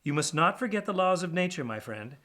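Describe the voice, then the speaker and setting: A man reading as a calm, wise falcon. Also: brisk. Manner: calm, low and advising. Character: practical, wise male peregrine falcon. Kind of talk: storybook reading.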